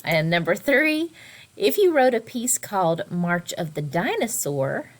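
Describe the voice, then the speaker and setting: Lively woman teaching a kids' music lesson. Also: medium pitch. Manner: lively, expressive, slows and whispers for emphasis. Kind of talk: recorded online lesson for children.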